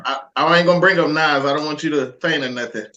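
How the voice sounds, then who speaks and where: A man hosting a podcast interview, loose and joking, with lots of quick agreements and laughs. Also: on the high side, pushed and bright, dull audio. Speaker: podcast host. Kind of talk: casual interview chat.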